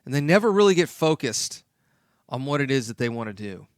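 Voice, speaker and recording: A man's voice: mid-range voice, big pitch swings, a little fast, clear, resonant tone, dry recording, studio quality. A man hosting a talk radio show, speaking emphatically and repeating his key points.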